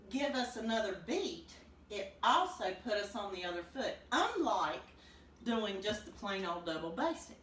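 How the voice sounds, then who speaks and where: A woman's voice: sits high, a bit bright, distant mic. A woman teaching a clogging lesson, upbeat and chatty, counting the beats aloud as she demonstrates. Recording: roomy, from off the mic, noisy.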